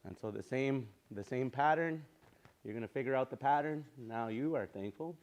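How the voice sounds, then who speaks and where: A man teaching a language lesson in a relaxed, easygoing way, slowly repeating words for practice and often restarting his sentences. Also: medium pitch. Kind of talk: informal spoken language lesson.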